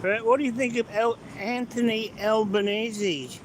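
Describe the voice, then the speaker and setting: Slow-talking man driving. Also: high voice, steady tone. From Australia. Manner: chatty, greets and answers live chat viewers by name. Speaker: live-stream host. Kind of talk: casual live-stream chat while driving. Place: inside a car on city streets. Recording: car road noise behind the voice.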